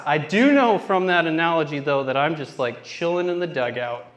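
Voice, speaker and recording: A young man on a theater stage performs stand-up, rambling through self-deprecating stories and acting out what people said. His voice is fairly high, expressive and fairly bright, at a normal speed, with a little hiss or hum.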